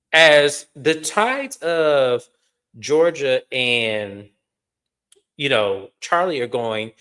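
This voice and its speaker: Blunt, swearing male recap host. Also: medium pitch. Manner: animated, blunt, swears freely, addresses viewers as y'all. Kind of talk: casual recap commentary.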